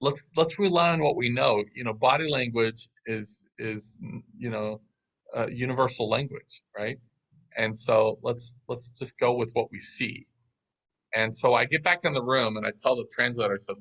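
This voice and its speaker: Animated storytelling man, bright voice. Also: medium pitch, normal speed, poor audio. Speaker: guest. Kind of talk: storytelling in an interview.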